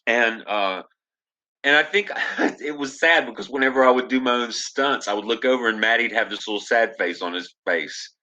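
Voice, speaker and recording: A man who works as an actor, telling stories as a podcast guest in a casual, animated way and acting out the lines of the people he quotes. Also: medium pitch, normal speed, poor audio. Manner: animated storyteller, acts out quoted dialogue. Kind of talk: casual storytelling interview.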